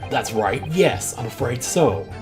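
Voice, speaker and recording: A man playing a shifty male witness who mutters his excuses low and quietly, with faint music behind. He sounds evasive and nervous. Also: animated, measured pace, lightly acted.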